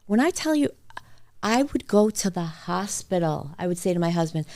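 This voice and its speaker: A woman hosting a podcast, telling personal stories in a blunt, animated way and swearing freely. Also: lowish voice, moderate pace. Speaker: podcast host. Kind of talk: casual conversation, storytelling.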